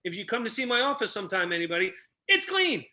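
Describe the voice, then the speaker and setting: A middle-aged man who tells stories with a lot of energy on a podcast and acts out the people he quotes. He works as a relationship coach. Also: quick pace. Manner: energetic, acts out quotes with big pitch jumps. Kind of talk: animated storytelling.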